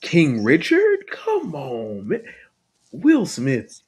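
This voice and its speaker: A man hosting a podcast in casual chat, talking in an animated, emphatic, argumentative way. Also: a little high, very slow, a crowd in the background. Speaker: podcast host.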